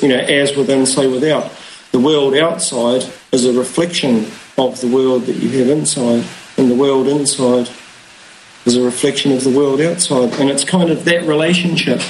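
A man's voice: medium pitch, a little hiss or hum, poor audio. A man, a guest talking in a rambling, philosophical way with many fillers. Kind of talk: casual conversation.

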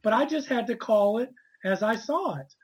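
Husky earnest woman author. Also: a little high, lively intonation, moderate pace, lo-fi sound. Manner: earnest, repetitive restarts. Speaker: author guest. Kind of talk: conversational interview.

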